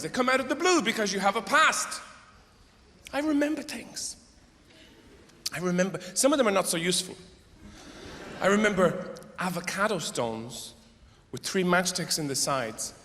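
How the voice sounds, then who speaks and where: This middle-aged stand-up comic rambles and mocks on a live theater stage, swearing liberally and erupting now and then. His voice sits high with a sharp edge and a slight hiss or hum, heard in an echoey hall with a faint crowd.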